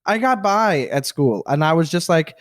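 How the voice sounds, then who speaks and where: A man from Quebec, a comedian guest on a podcast, chatting in an animated, self-deprecating way. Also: on the high side, moderate pace, no room sound, studio quality. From Quebec, Canada. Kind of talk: casual chat.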